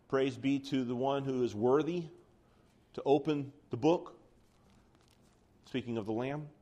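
A man teaching a Bible study class, explaining calmly and reading scripture passages aloud, with some restarts. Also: mid-range voice.

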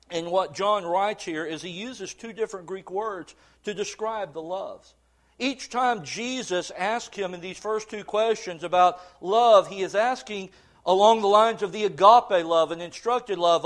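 A man preaching a sermon, reading scripture in old-fashioned wording and swinging from emphatic swells to low, slow passages.

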